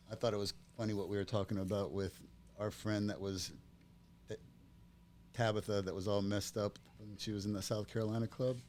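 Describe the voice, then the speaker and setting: Easygoing man hosting a podcast, lowish voice. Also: darkish tone, a little hiss or hum. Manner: easygoing, laughs through the welcome. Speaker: podcast host. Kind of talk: casual chat.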